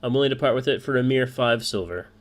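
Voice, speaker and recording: A man voicing a cheerful male bard shopkeeper in a sing-song voice, raised in pitch. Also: quick pace, close to an everyday voice.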